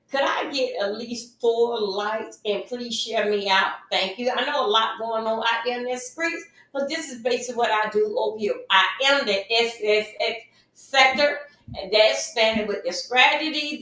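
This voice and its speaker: A woman hosts a casual livestream giving advice, chatty and emphatic and often repeating phrases. Her voice is a little high with a sharp tone, recorded in a very echoey room with the mic far off.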